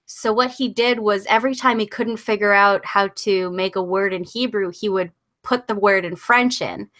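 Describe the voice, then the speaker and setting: A woman's voice: mid-range voice, steady tone, moderate pace, fairly bright tone. A woman guest in a casual conversation, explaining things at length with enthusiasm.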